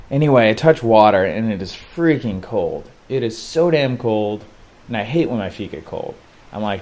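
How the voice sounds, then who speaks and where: Lively young man telling a story. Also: fairly low pitch, moderate pace. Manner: animated, slangy, lots of filler "like". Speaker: vlogger. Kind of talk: casual storytelling.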